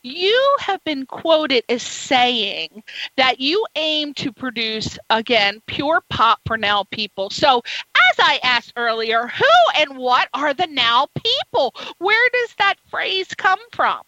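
A woman hosting a casual chat show, animated and bubbly, laughing often as she talks with her guest. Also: high-pitched, slow, dry recording, lo-fi sound. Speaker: show host. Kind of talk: casual chatty interview.

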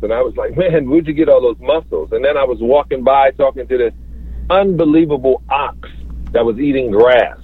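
A man's voice: medium pitch, husky. A man being interviewed as a guest, explaining in an emphatic, joking way. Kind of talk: interview over a phone line. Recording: tinny phone line.

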